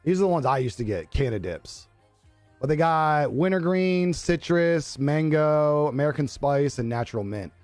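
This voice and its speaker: A man's voice: a little high, lively intonation, moderate pace, a little mellow, no room sound, soft background music. Laid-back young man livestreaming, swears a lot. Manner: laid-back, profane, laughs often. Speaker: live streamer. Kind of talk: casual chat reading viewer comments.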